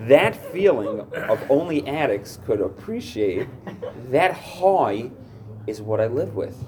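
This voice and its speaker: A man's voice: medium pitch, expressive, measured pace, warm tone. A man speaking to a recovery group workshop, earnest and searching, with many fillers as his talk builds in intensity. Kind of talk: personal share at a recovery workshop.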